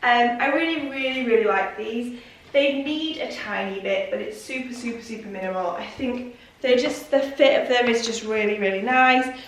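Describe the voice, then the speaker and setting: A woman's voice: a little high, normal speed. Chatty woman, roomy and distant. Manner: chatty, repeats "really" for emphasis. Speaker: fashion vlogger. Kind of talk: casual try-on vlog. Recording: roomy and distant with faint noise.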